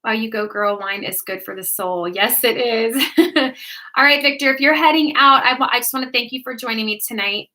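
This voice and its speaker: An American woman hosts a casual livestream, her voice bright and forward. She chats warmly with viewers and laughs often while answering their comments. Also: on the high side, a little fast. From United States. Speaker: livestream host.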